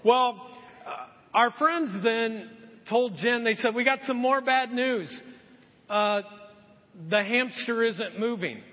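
A man's voice: very high-pitched, slow. A man preaching a sermon, telling a story and acting out the voices of the people in it. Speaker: pastor. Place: church hall. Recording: muffled sound with long hall reverb.

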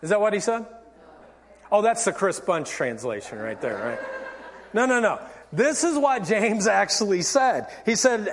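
A male pastor giving an animated, theatrical sermon, acting out everyday examples. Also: sits high, measured pace. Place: church sanctuary. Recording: long church reverb.

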